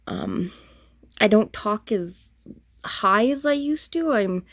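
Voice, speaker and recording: Flat, throaty woman vlogger. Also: medium pitch, takes it slowly, dry recording, clean studio sound. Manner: self-deprecating, apologetic, rambling. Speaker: cross-stitch vlogger. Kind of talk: casual show-and-tell chat.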